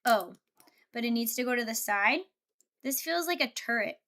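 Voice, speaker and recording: A woman's voice: on the high side, lively intonation, moderate pace, pushed and bright. A woman livestreamer chatting casually and laughing often, thinking aloud as she builds Lego.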